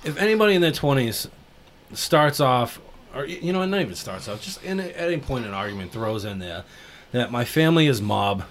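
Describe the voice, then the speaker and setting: A man in casual podcast chat, telling a story from working as a bouncer, dropping low and quiet as he tells it. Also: animated, fairly quick, a little hiss or hum. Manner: laid-back, drops low and quiet when telling a story. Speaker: podcast co-host; former bouncer.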